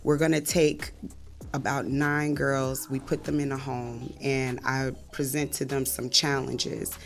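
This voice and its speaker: A woman's voice: very deep voice, flat delivery, unhurried, gravelly, soft background music. A woman in her thirties, a comedian, chatting casually and laughing easily, often trailing off and restarting. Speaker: comedian and show creator. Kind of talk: casual chat.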